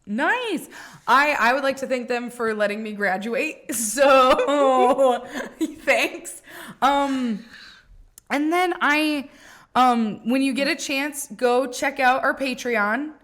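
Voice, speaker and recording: Young woman, podcast co-host, casual chat, rambling, laughs a lot, fairly high voice. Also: slow, a bit bright. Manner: laughs often, swears, rambling storytelling.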